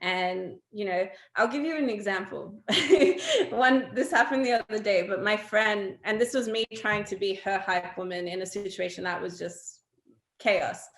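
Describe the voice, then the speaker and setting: Young adult woman, interview guest, chatty storytelling, lots of fillers, middle pitch, roomy echoing studio. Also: a little slow. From Australia. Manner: animated, laughing often, lots of fillers. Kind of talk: casual storytelling conversation.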